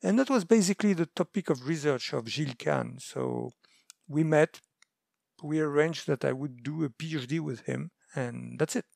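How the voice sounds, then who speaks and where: A man's voice: on the high side, animated, moderate pace, gravelly, darkish tone, dry recording, clean studio sound. A middle-aged man from France, guest on a remote interview, talking hesitantly with many fillers and restarts. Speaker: guest researcher. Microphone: remote call mic.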